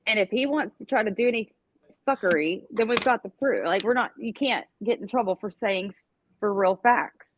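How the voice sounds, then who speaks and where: A woman's voice: mid-range voice, moderate pace, noisy background. A woman co-hosting a casual commentary show, talking emphatically and acting out how people phrase things. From United States. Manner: emphatic, acts out quoted phrasings. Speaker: co-host. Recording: dull, dry close mic.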